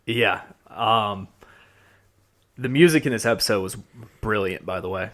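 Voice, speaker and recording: A man from Georgia with a mild Southern accent, co-hosting a podcast and recapping an episode in an excitable, rambling chat. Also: lowish voice, unhurried. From Georgia, USA. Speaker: podcast co-host. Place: studio at a podcasting table.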